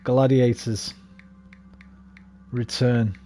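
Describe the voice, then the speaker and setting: A man's voice: medium pitch, little pitch movement, drawn-out words, mellow, faint music behind. A young man rambling casually and swearing freely while streaming a game. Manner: rambling, sweary, laid-back. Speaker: gaming streamer. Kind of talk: casual chat while gaming.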